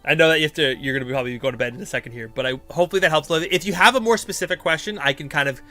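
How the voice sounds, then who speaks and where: Male streamer, casual and chatty, bright tone, talks in loose filler-laden bursts. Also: on the high side, very fast, faint music behind. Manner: rambling and filler-heavy, thinking aloud. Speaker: streamer giving character-writing advice. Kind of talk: casual live-stream chat.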